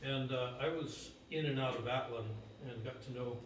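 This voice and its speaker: An older man telling a personal story to a gathering, unhurried, with many pauses. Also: medium pitch, a little hiss or hum. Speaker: speaker at a memorial gathering. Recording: echoey hall, mic from far off.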